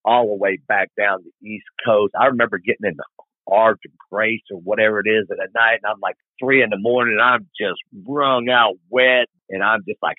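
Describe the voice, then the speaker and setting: A middle-aged man who is a guest on a podcast, telling his stories in an animated, colloquial way and acting out scenes, heard over a tinny, phone-like remote line. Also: on the low side, no room sound. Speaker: guest, long-distance motorcycle rider. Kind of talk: podcast interview storytelling.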